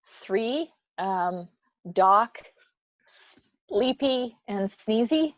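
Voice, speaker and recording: A middle-aged woman being interviewed in a casual chat, frank and quick to answer, often laughing. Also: a little high, expressive, dry recording, highs cut off. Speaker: interview guest, business leader.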